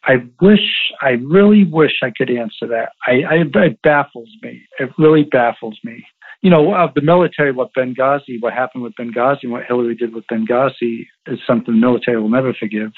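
A man's voice: mid-range voice, brisk. A man, a guest in an interview, telling stories emphatically and repeating himself. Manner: emphatic, repetitive storytelling. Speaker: interview guest, former Navy SEAL. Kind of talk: interview over the phone. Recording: tinny phone line.

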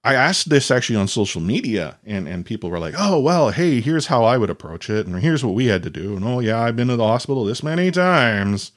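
A man's voice: mid-range voice, a little fast, hardly any pauses. A man in his thirties, a father and podcast host, telling a rambling story in a casual monologue, with restarts and quotes acted out. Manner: rambling, animated, acts out quotes with many restarts.

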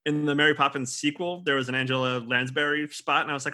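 A man's voice: mid-range voice, fairly even intonation, fast, sharp tone. A man co-hosting a casual podcast about old films, chatty and self-deprecating, giggling between thoughts. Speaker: podcast co-host. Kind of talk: casual film discussion.

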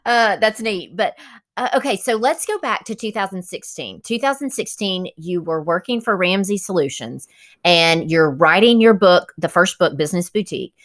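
Lively woman host, a bit low, interviewing a guest. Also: normal speed. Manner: warm, enthusiastic questioning. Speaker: podcast host. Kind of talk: podcast interview.

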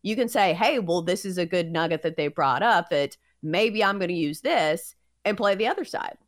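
A woman's voice: fairly low pitch, lively intonation, normal speed. A woman co-hosting a sports betting podcast in casual conversation, often using "like" as a filler.

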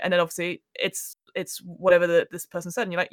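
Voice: mid-range voice, monotone, quick pace, dry recording. A podcast guest who also runs games talks shop about game mastering, chatty and reflective. The speech is full of "you know"s and easy asides. The recording is close and completely dry. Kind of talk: casual podcast chat about tabletop games.

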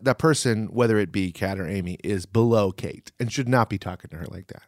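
A man's voice: fairly low pitch, brisk, no echo. A man co-hosting a casual podcast, giving dry, sarcastic takes. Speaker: podcast co-host. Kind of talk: casual banter.

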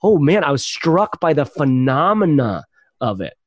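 A man's voice: on the high side, big pitch swings, moderate pace, no echo. A man, a podcast guest, telling a long story in casual chat, rambling with many fillers and laughs.

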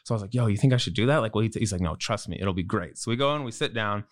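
A man co-hosting a casual chat show, telling a golf story with easygoing, quick reactions. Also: fairly low pitch. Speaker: podcast co-host.

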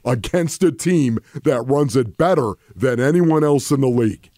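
A man's voice: medium pitch, lively intonation, moderate pace, dark tone, no echo, clean studio sound. A man co-hosting a sports podcast, a former player who talks emphatically and chuckles often. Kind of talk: casual sports talk.

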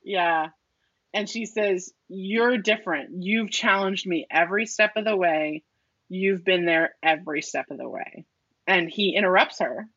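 A woman with a husky, breathy voice retells a scene in casual chat, dropping into soft readings of the quoted lines. The recording is dry and close, with a dull, muffled top end. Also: on the low side, measured pace, no room sound. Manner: acts out quoted lines, softens into a hush. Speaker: podcast co-host.

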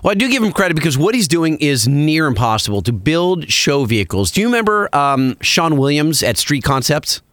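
Male podcast co-host, animated, lively pitch, dry close mic. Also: a little fast, few pauses, dry recording. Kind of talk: casual chat.

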